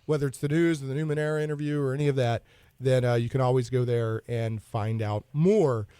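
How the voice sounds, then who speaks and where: A man's voice: mid-range voice, fairly even intonation, dark tone, clear, resonant tone, no echo, clean studio sound. A man hosting a casual geek talk radio show, joking around with puns and laughing at his own jokes. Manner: jokey, punning, quick to laugh.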